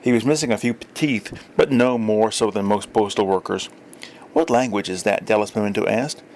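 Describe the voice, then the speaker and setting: A man narrating a storybook in a dry, wry tone at a middle pitch, now and then stumbling and correcting a word. A faint hum of ambience sits under his voice. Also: steady tone, fairly quick, a little mellow. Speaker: story reader. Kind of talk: audiobook narration.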